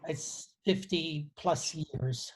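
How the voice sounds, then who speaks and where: Older male host, 70s, slow earnest storyteller. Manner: slow, earnest and reflective, dropping low on key phrases. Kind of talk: conversational storytelling.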